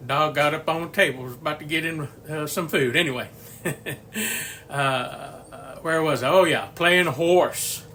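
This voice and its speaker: Folksy older man with a bright voice. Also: on the high side, a little slow, slight background noise. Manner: folksy rambling storyteller, chuckles often. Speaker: home cooking channel host. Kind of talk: casual cooking video chat. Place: home kitchen.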